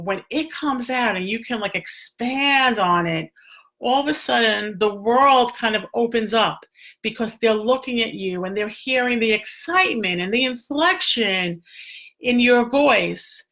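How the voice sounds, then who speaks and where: A woman's voice: on the high side, lively intonation, a little slow, a bit bright. A middle-aged woman, a speech therapist, giving casual advice in a chatty way with many fillers and restarts.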